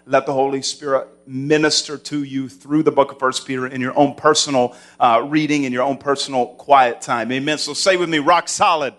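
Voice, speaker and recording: A pastor preaching a sermon in a church, with a loud voice that carries and builds to fervent declarations. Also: male voice, medium pitch. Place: church sanctuary.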